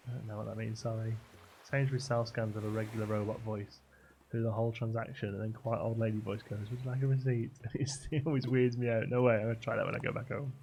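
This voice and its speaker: A man's voice: fairly low pitch, level tone, fast talker, vocal fry. A man chatting casually while live-streaming a game, rambling and laughing between stories. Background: game music.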